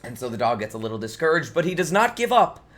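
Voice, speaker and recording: A man, a streamer, telling an improvised bedtime story in a relaxed, rambling way, restarting phrases as he goes. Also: a little high, fast talker.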